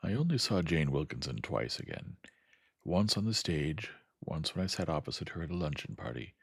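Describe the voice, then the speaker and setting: Deep, husky man reading a story. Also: big pitch swings, normal speed, no echo, studio quality. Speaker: audiobook narrator.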